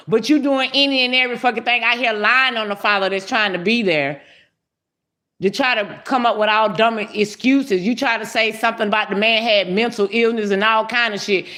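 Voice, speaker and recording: A woman's voice: on the high side, lively intonation, normal speed, fairly bright tone. A woman hosting a casual livestream, greeting viewers by name and giving brash, profane commentary with lots of laughter.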